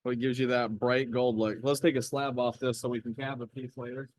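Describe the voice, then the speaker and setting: A man's voice: medium pitch, flat delivery, brisk, no room sound, rough recording. A man running a rock saw in an indoor workshop, explaining the equipment step by step in an easygoing way. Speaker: lapidary saw operator. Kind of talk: casual hands-on demonstration.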